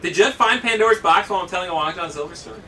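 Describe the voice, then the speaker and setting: Man, gaming commentary, rambling profane storyteller, bright tone, distant mic, faint background noise. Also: high-pitched, rapid-fire. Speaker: let's play commentator.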